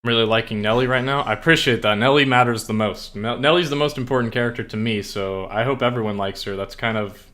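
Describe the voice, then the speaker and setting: A man's voice: medium pitch, fast talker, hardly any pauses, fairly bright tone. A young man streaming, chatting casually in a rambling way full of fillers. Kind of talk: casual chat.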